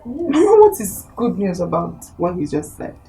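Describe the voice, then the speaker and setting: A woman's voice: medium pitch, wildly swooping pitch, normal speed, dark tone, recorded from a distance, faint music behind, poor audio. An actress with a Nigerian accent playing a skeptical young woman, doubting and protesting. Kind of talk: Nollywood film acting. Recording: voice from off the mic.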